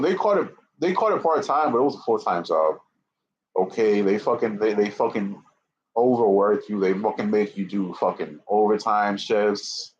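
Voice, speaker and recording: A young man in his late twenties talks on a live stream in a low voice, cursing constantly and circling back over his own words. He sounds slightly winded, and the audio is dull and muffled. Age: 20s. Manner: profane, repetitive, restarts often. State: slightly out of breath. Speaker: livestreamer. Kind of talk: rambling live-stream monologue. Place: indoor room with a fan.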